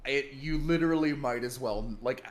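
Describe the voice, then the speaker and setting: Man telling rambling animated stories. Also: medium pitch, normal speed, slight background noise. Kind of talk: casual chat on a charity game stream.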